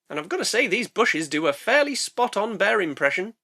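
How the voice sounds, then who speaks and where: A man narrates a film recap, dry and sarcastic. His voice is bright and lively, swinging up and down as he jokes. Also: sits high, a little fast, vocal fry, few pauses. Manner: sarcastic, jumps into silly character voices. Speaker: film reviewer. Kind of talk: comedic movie recap narration.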